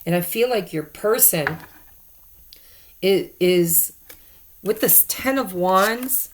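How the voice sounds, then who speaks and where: A woman's voice: mid-range voice, slow pace, a little hiss or hum. A woman giving a casual tarot card reading to her viewers, chatty and repeating herself for emphasis. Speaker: tarot reader.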